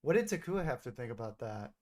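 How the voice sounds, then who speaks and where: Male streamer, relaxed casual chat, playful and teasing, lots of fillers. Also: medium pitch, quick pace. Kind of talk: casual gaming chat with an AI character.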